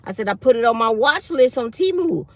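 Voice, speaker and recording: A woman, chatting casually to her viewers from her parked car, telling lively stories with acted-out quotes. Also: fairly high pitch, brisk, dry recording. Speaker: vlogger. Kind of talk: casual morning chat to viewers.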